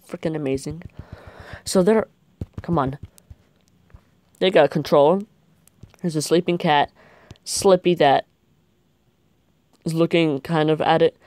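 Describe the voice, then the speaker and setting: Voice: medium pitch, unhurried, long pauses, darkish tone, no echo. A young gaming video creator giving rambling, jokey gameplay commentary.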